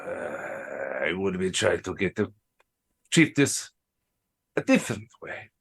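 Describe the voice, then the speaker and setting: A man's voice: deep voice, big pitch swings, slow, vocal fry, slightly rough. A man playing his character in a tabletop role-playing game, slipping in and out of a put-on accent. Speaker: player.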